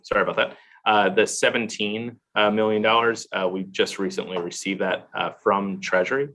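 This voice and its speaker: Man, official witness on a video call, low voice, halting delivery full of "uh" pauses. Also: flat delivery, bright, forceful tone. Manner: halting, many "uh" fillers. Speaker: government official testifying. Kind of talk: answering questions at a hearing.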